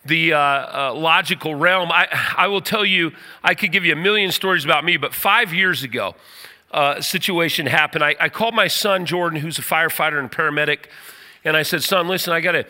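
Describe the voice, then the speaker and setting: A middle-aged man preaching a sermon, telling a personal story with animated energy. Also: a little high, brisk, in a large hall. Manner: animated storyteller, rises to near shouting at the story's climax.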